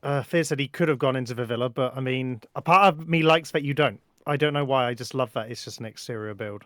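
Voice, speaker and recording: A man's voice: mid-range voice, quick pace, no room sound, studio quality. A man hosting a live stream tour, chatting casually, laughing often and filling with "um" and "yeah". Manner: relaxed, laughs often, many fillers. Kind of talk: casual chat.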